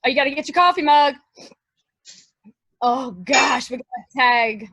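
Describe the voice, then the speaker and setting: Female guest, casual interview chat, high and lively, dry recording. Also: measured pace, slightly rough, no echo. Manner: lively, chatty, jumps between topics.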